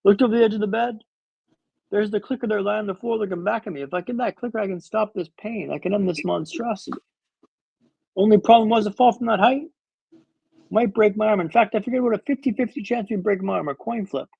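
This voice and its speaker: Husky high-voiced man telling a story. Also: fast, no echo, muffled recording. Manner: dramatic, wry storyteller with comic timing. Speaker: guest speaker. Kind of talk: storytelling in a podcast interview.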